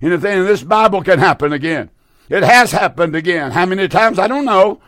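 A man preaching a Pentecostal sermon in a fervent way, often repeating himself and pausing on fillers. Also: high voice, lively intonation, a bit bright, no room sound, clean studio sound.

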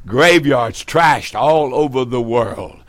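A man's voice: mid-range voice, expressive, slow pace, dry recording. A man preaching fervently on a broadcast, repeating phrases for emphasis.

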